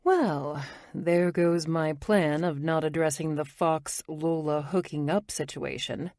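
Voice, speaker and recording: A woman's voice: low voice, fairly even intonation, slow pace, darkish tone, no room sound, clean studio sound. A woman narrating a romance audiobook in the first person, wry and intimate.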